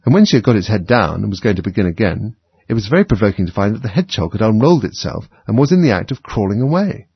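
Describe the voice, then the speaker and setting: Low, gravelly man reading a storybook. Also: fast, no room sound. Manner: animated, dramatic reading. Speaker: narrator. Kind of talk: storybook read-aloud. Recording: dull lo-fi recording.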